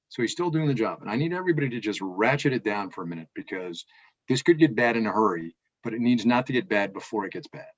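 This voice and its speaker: A man co-hosting a casual news chat, talking emphatically with loud and quiet swings. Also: mid-range voice, breathy edge, muffled recording. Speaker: co-host.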